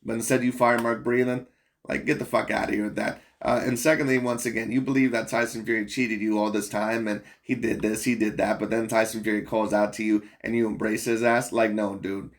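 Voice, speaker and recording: A man's voice: fairly low pitch, flat delivery, fairly quick. A man hosting a boxing commentary channel, talking bluntly and profanely in a rambling, casual rant full of fillers.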